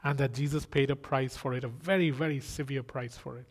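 A man's voice: medium pitch, fairly even intonation, brisk, slightly rough. A man preaching a sermon in an earnest style, asking rhetorical questions and exclaiming.

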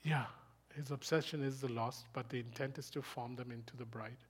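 A man preaching a sermon, fast and emphatic, asking rhetorical questions and rising into loud bursts. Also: medium pitch, fairly even intonation, slightly rough. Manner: speaks fast.

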